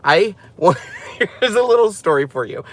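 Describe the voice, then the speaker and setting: A man's voice: sits high, big pitch swings, moderate pace, fairly bright tone. Chatty man hosting a craft live stream. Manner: rambling, chatty, laughs often. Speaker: craft channel host. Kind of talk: casual live stream chat.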